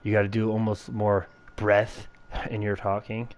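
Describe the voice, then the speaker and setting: A man's voice: on the low side, monotone, normal speed. Rambling, swearing young-sounding streamer guy. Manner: rambling, heavy swearing, lots of filler "like". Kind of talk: casual chat while gaming.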